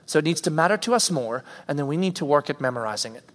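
A man's voice: on the high side, expressive, quick pace. A man preaching a conversational sermon as a pastor, acting out everyday reactions, recorded with a long hall reverb.

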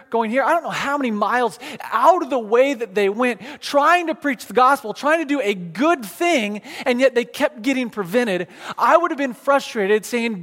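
A man preaching a sermon in a casual, conversational way, pointing things out on a map with plenty of fillers and restarts. His voice sits high for a man. The sound carries a long reverb, as in a big church hall. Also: a bit bright. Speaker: pastor.

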